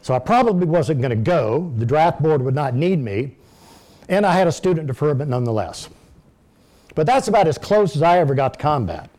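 A man's voice: fairly high pitch, very animated, fairly quick, darkish tone. An older man telling folksy personal stories in a sermon, speaking directly to his congregation. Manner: folksy storytelling, addresses the audience directly.

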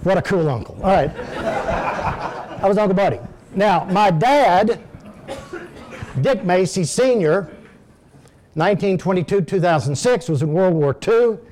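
A man's voice: high voice, lively intonation, measured pace, pauses often, darkish tone. An older man telling folksy personal stories in a sermon, speaking directly to his congregation. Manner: folksy storytelling, addresses the audience directly.

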